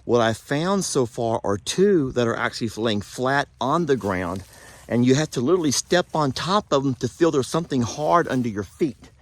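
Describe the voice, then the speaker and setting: A man hosting an outdoor vlog, talking in a slow, heartfelt, folksy way. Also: medium pitch, expressive. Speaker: channel host. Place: outdoors in wooded cemetery.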